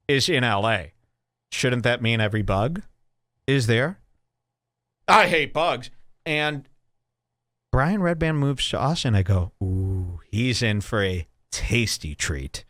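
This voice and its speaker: A man hosting a podcast, delivering a mocking comedic rant with exaggerated swings between loud and low. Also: no echo, studio quality. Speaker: podcast host. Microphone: studio microphone.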